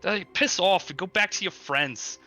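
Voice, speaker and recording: A man voicing a groggy, beaten-up burly sailor who talks gruff and blunt. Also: on the high side, flat delivery, slow, pushed and bright, faint music behind, voice pushed up, heavily acted. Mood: annoyed.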